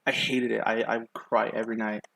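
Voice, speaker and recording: A young man streams himself sketching and rambles casually with his viewers, padding the gaps with plenty of ums and likes. His voice is fairly low, gravelly and sharp-toned, with a flat, fairly quick delivery. The recording is dry.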